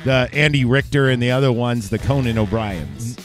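A man's voice: mid-range voice, normal speed, faint music behind. A man co-hosting a casual podcast, ranting crudely and getting worked up. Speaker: podcast host. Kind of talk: casual banter.

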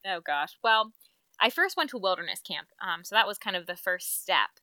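Bright, clear young woman guest. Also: medium pitch, very animated, dry recording. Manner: reflective, halting with fillers. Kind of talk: casual conversation.

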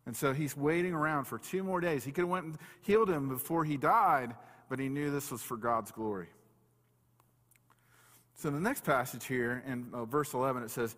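A pastor giving a conversational sermon and reading scripture aloud slowly, with plain restarts as he talks. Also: medium pitch, a bit bright. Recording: long reverb of a hall.

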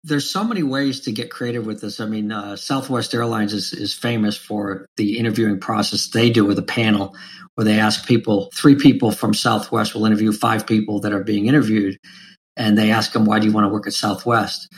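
Male host, energetic talker, mid-range voice. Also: fairly low pitch, normal speed. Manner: energetic, animated storyteller. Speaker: podcast host. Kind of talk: casual interview chat.

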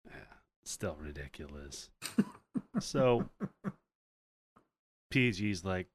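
Low-voiced man recapping a film. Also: takes it slowly, long pauses. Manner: profane, animated retelling with acted-out quotes. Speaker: podcast co-host. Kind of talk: casual chat recapping a movie.

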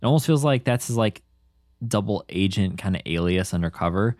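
A man in casual chat as a podcast co-host, animated and acting out lines he quotes. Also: fairly low pitch, a little fast, no echo, clean studio sound.

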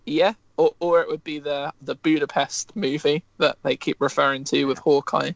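A man co-hosting a podcast in casual chat, enthusiastic and animated, swearing freely. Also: fairly high pitch, moderate pace, gravelly, dry recording, lo-fi sound. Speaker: podcast co-host.

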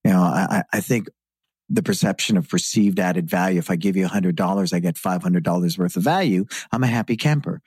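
Podcast guest: middle-aged man, low husky voice, earnest reflective storyteller, dry sound. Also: brisk, a little mellow, no echo. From San Francisco. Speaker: guest, martial arts school owner. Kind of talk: podcast interview.

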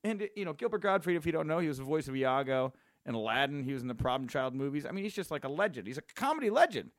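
A man hosting a podcast, telling a story in a casual, excitable way and laughing often. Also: on the high side, quick pace, dry recording, clean studio sound. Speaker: podcast host.

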